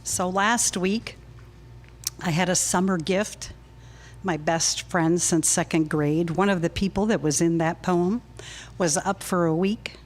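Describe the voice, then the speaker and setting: Woman host at a poetry night, lowish voice, slow and easygoing. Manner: slow, chatty and relaxed. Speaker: open mic host. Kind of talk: reading poetry at an open mic.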